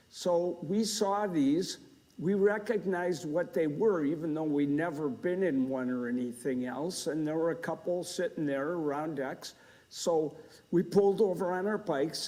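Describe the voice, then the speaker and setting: An older man giving a humorous gardening talk to a live audience, an animated storyteller who acts out scenes with sound effects. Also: fairly high pitch. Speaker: gardening speaker. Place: lecture hall before a live audience.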